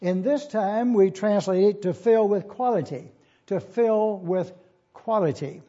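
A pastor teaching a Bible lesson, spelling out words letter by letter and repeating key phrases slowly. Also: male voice, sits high, warm tone. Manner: slow, deliberate, spells out Greek words letter by letter. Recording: dull lo-fi sermon recording.

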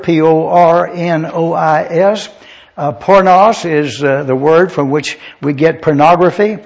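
A man's voice: a little high, a little mellow. A man preaching a methodical Bible lesson in a church, spelling out Greek words letter by letter. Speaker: pastor. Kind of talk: verse-by-verse Bible teaching. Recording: dull lo-fi recording.

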